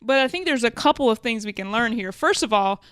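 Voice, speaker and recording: Smooth-voiced woman podcaster. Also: on the high side, expressive, fairly quick, a bit bright, no echo. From Alabama, USA. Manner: conversational, thinks aloud and corrects her wording. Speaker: podcast co-host. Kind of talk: business podcast monologue.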